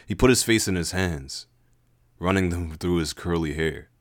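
A man's voice: low voice, normal speed, dry recording, clean studio sound. A man hosting a podcast, reading a story aloud casually with chatty asides.

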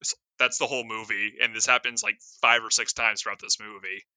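A man's voice: on the low side, fairly even intonation, a little fast, bright, forceful tone, smooth, no echo. A man in casual chat about a movie, wry and joking, stumbling over his restarts.

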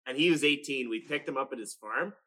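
A man's voice: mid-range voice, quick pace. A young man on a podcast, telling rowdy hockey stories in casual chat, swearing and laughing freely. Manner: animated storyteller, swears freely, laughs a lot. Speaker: podcast co-host.

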